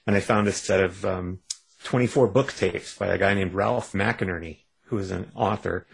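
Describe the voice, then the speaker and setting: A man's voice: low-pitched, normal speed, gravelly, husky. A man from Canada, a guest author in a casual interview on a phone line, telling his story in a wry, self-mocking way with lots of restarts.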